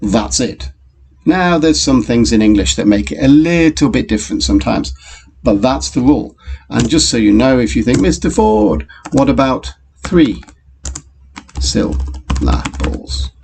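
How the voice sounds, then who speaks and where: A man teaching a recorded phonics lesson to young children, in a slow and patient way, talking straight to the pupils. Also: medium pitch, creaky, noisy background. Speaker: primary school teacher.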